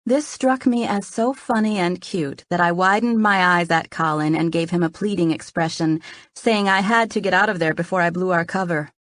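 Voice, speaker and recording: A woman narrating a romance novel in the first person, her voice sitting low and earnest. The sound is close and completely dry, with no room around it. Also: normal speed, a bit bright, no echo. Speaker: audiobook narrator.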